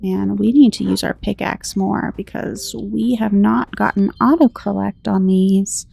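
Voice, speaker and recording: Gravelly American woman chatting over gameplay. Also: medium pitch, fairly even intonation, measured pace, dark tone, faint music behind. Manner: chatty, rambling, reads game text aloud. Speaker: gameplay commentator. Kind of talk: relaxed gameplay commentary.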